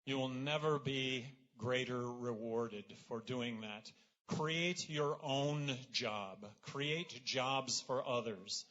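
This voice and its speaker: A man speaking at a political rally as a candidate, talking in a relaxed, conversational way with fillers and self-deprecating asides. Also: medium pitch, slow, muffled recording, slight background noise. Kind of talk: campaign rally speech.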